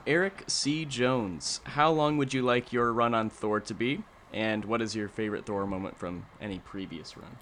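A man hosting an interview, reading out questions in a brisk, straightforward way. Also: medium pitch, a bit bright, slight background noise. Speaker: host asking questions.

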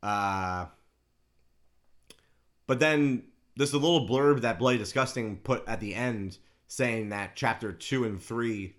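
A man's voice: medium pitch, takes it slowly, fairly bright tone. A man co-hosting a podcast in casual chat, easygoing and eager about movies. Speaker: podcast co-host.

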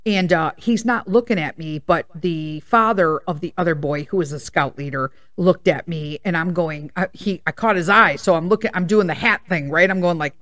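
Woman, podcast host, casual personal storytelling, rambling tangents, blunt profanity, slightly low voice. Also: normal speed, hardly any pauses, a bit bright. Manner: blunt and profane when worked up.

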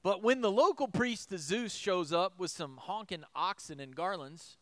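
A pastor with a high voice preaches a sermon at normal speed, recorded without echo. He asks rhetorical questions and swings between loud emphasis and soft asides.

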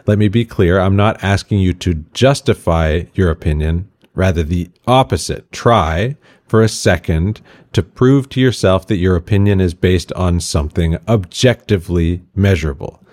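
A middle-aged man hosts a podcast in a casual scripted monologue. His voice sits very low, and he drops wry, sarcastic asides as he goes. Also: moderate pace, a little mellow. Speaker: podcast host.

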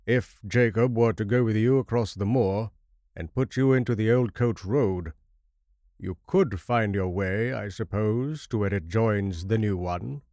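A man's voice: lowish voice, dark tone, no room sound, clean studio sound. Man voicing a bitter old recluse scholar. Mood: grave. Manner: measured, grave, formal delivery. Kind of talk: audiobook horror story reading.

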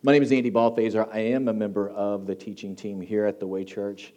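Casual church preacher, man, mellow warm tone, chatty and joking. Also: lowish voice, flat delivery, fairly quick. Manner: conversational, joking, frequent fillers and restarts. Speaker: teaching team preacher. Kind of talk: casual sermon. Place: church hall with congregation.

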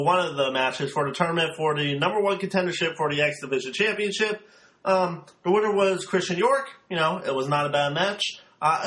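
A man's voice: a little high, fairly bright tone, roomy sound. A young man hosting a podcast, giving a rambling, sarcastic casual recap full of filler words. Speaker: podcast host.

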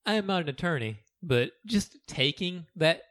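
A man with a Southern American accent co-hosting a casual movie podcast, throwing in quick wisecracks. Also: a little high, no echo, studio quality. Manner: quick, animated asides and wisecracks. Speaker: podcast co-host.

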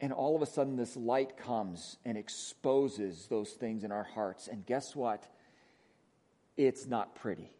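A man with a Wisconsin accent preaching a sermon as pastor, conversational, often asking "right?", moving between emphatic lines and hushed ones. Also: mid-range voice, unhurried. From Wisconsin, USA.

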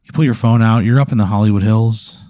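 A man with a low, mellow voice spins an improvised suspense scenario, pausing to add sounds and small details as he goes. The sound is dry and close, with no room around him. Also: steady tone, no room sound. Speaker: host running a hypothetical scenario. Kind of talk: casual improvised storytelling.

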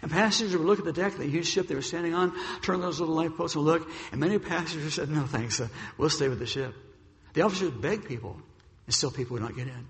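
A male preacher tells a dramatic story from the pulpit, his slightly high voice gravelly and his delivery brisk. He recorded in a reverberant church hall that leaves a long echo behind each phrase. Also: fairly bright tone. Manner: dramatic storyteller, acting out the characters' lines. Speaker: pastor. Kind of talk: sermon storytelling.

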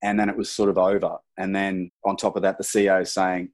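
A middle-aged Australian man with a fairly low voice recounts his past in a loose, conversational way. He rambles a little and keeps slipping in "you know" and "sort of". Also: level tone, brisk. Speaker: guest, former soldier. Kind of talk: casual interview storytelling.

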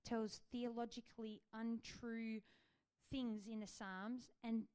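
Woman in her thirties, gentle, earnest, somewhat high voice, personal faith talk, lots of ums. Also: flat delivery, slow, clear, resonant tone. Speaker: Christian speaker sharing faith testimony.

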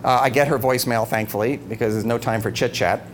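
A man's voice: medium pitch, quick pace. A middle-aged man giving a humorous talk to an audience, telling stories with animation, often laughing and acting out quotes. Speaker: speaker giving an evening talk. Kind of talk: humorous storytelling speech. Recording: noisy live talk recording. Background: background noise.

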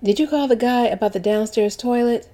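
A woman reading an audiobook, voicing an easygoing husband who asks gentle questions. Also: on the high side, brisk, pitched above the performer's own voice, lightly acted. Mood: calm.

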